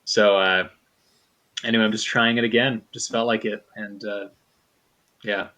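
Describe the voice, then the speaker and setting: West Coast guy, bright forward voice, rambling player chatter. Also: lowish voice, little pitch movement, normal speed. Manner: rambling, restarts sentences a lot. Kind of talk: casual chat at a tabletop game.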